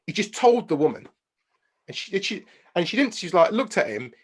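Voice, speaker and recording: Man telling lively stories. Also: high voice, a little fast, breathy edge. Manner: animated anecdotes, hums tunes. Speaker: podcast guest. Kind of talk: casual storytelling chat.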